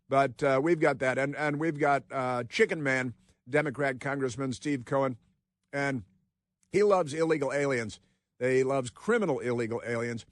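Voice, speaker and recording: A man's voice: moderate pace, dry recording, clean studio sound. A man hosting a political talk radio show, delivering a sarcastic, mocking monologue that rambles with many fillers. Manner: puts on high mocking voices for quotes. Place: radio studio. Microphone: close studio microphone.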